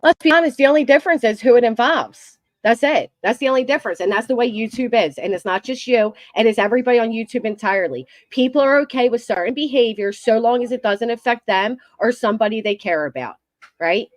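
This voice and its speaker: Female commentator, measured and questioning, light high voice, dry close sound. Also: dry recording. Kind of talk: commentary over a clip.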